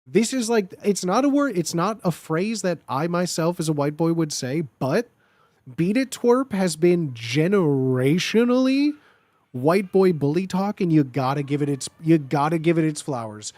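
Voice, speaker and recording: A man's voice: a little high, animated, moderate pace, a little mellow, no room sound. A young man hosting a comedic tier-list show, riffing mock-seriously on catchphrases and repeating them in put-on voices. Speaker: host ranking phrases.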